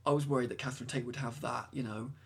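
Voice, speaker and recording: A man's voice: mid-range voice, steady tone, quick pace, vocal fry, breathy edge. A British man co-hosting a podcast, chatting casually and rambling with many restarts. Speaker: podcast co-host. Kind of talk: casual chat.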